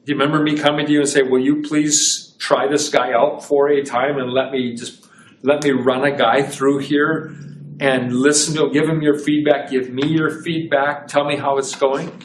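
A man's voice: mid-range voice, level tone, moderate pace, slight background noise. A man pastor giving a conversational sermon to a small congregation, asking his listeners rhetorical questions. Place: small church. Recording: echoey room, voice from a distance.

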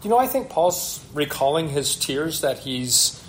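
Man preaching with a slightly high voice. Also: very animated, a little slow, a little hiss or hum. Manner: teaching, asks the listeners rhetorical questions; reads scripture aloud and explains it. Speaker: pastor. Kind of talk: sermon.

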